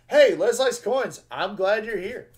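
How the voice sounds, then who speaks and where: A man hosts a live stream, chatting casually with his viewers in a slangy, excitable way. His voice sits a little high for a man. He takes his time and drawls through his words. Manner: excitable and slangy, with loud bursts over finds. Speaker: host of a live coin-roll hunting stream.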